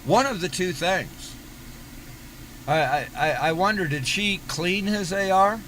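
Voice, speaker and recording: A man's voice: high-pitched, a little slow, fairly bright tone, a little hiss or hum, rough recording. A man giving sarcastic commentary on a livestream, recapping and mocking what others said.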